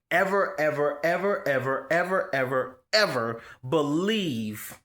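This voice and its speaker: A man's voice: medium pitch, a bit bright. A young man hosting his own wrestling review vlog, talking casually and emphatically, repeating words to stress a point. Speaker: wrestling show host.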